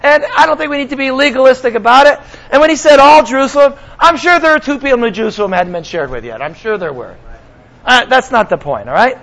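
A man's voice: very high-pitched, animated, fast, a bit bright, poor audio. A man preaching a sermon as pastor, talking conversationally to his congregation and slipping in sarcastic asides.

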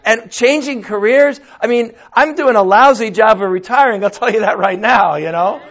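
An older man preaches in a loose, folksy way, asking his listeners question after question. His voice sits high. The recording is dull and lo-fi. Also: normal speed, a bit bright. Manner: conversational, folksy, with rhetorical questions. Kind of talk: sermon.

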